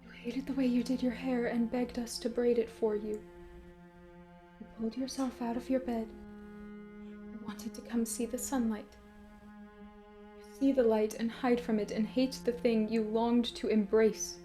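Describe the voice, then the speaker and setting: Actress as a worried nurse, fairly high voice, pleading. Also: female voice, flat delivery, a little slow, pauses often, dark tone, soft background music, natural voice. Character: devoted, anxious nurse to the queen. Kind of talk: stage drama acting.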